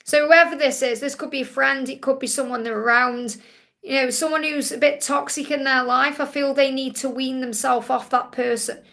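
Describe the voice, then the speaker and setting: A woman with a high, bright voice reads tarot cards on a live stream. She talks in a soothing, reassuring way and comes back to the same phrases again and again. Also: fairly even intonation, moderate pace. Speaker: tarot card reader. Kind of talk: live-stream card reading.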